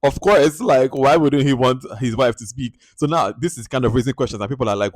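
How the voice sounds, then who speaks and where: A man's voice: mid-range voice, a little fast, dry recording. Chatty male film reviewer, dry sound. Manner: chatty, animated, heavy use of "like". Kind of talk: casual spoken movie review.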